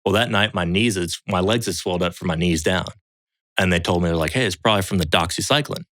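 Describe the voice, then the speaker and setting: A podcast guest who's a survival show veteran tells a story in casual chat. His voice sits low and moves at a quick pace, in a dry recording. He's an animated storyteller, acting out other people's lines in raised voices and swearing freely.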